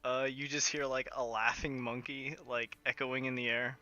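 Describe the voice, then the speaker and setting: A man's voice: medium pitch, level tone, moderate pace, pushed and bright, no room sound, dull audio. A man narrating as game master of a tabletop game, playful and full of fillers. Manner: playful storytelling with frequent fillers.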